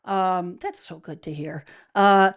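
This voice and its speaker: A woman hosts a casual livestream and talks straight to her regulars, greeting them one by one. Her delivery is chatty and upbeat and keeps running with fillers and restarts. Her voice sits at a middle pitch. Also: moderate pace. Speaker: livestream host, real estate advisor. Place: home studio, indoors.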